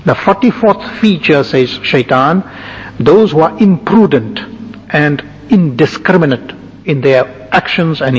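A man giving a sermon, calmly listing and explaining numbered points to his listeners. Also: a little high, slightly rough. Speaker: religious teacher. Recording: dull, echoing hall recording.

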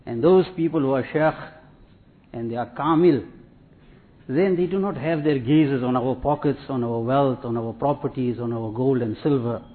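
A man giving a sermon as a preacher, in a measured, repetitive teaching cadence with religious terms. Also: medium pitch. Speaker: Islamic preacher. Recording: tinny phone-like sound.

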